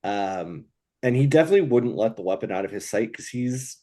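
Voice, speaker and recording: Thoughtful low-voiced player. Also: male voice, lively intonation, brisk, dark tone. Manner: thoughtful, uses "like" and "you know". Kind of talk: casual tabletop play.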